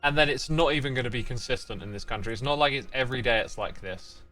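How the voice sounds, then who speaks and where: Talking quickly in a sharp tone, this medium-pitched man hosts a laid-back gaming livestream. He reads viewers' chat out loud and teases them in reply, throwing in joking fake sign-offs while faint music plays.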